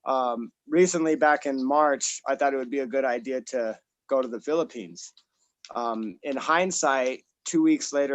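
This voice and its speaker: A man's voice: mid-range voice, low-quality recording. A man in his thirties from Colorado doing a stand-up set over a video call, rambling and self-deprecating with many fillers and restarts. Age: 30s. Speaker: stand-up comic.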